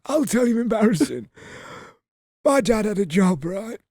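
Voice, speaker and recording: A man voicing a brash middle-aged male comedian who rants a story to a crowd in a half-shouted voice. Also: high-pitched, big pitch swings, normal speed, no room sound, clean studio sound, pitched above the performer's own voice, full character voice. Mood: ranting.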